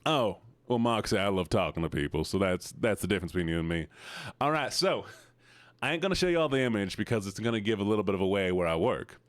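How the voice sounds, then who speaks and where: A man streaming live, chatting casually with his viewers and telling animated stories. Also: on the low side, fast, no room sound. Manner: animated storyteller, talks to chat.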